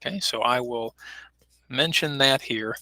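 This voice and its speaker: A man's voice: medium pitch, a little slow, sharp tone, no room sound, poor audio. A man teaching an online English class, patiently repeating words and modeling pronunciation on a video call. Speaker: ESL teacher. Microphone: computer mic on a video call.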